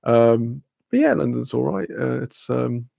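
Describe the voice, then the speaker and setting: A man's voice: mid-range voice, sing-song, a little slow, gravelly, warm tone, dry recording, clean studio sound. A man hosting a livestream, casually reading the chat aloud, laid-back, laughing often and swearing freely. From Wales. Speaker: livestream host.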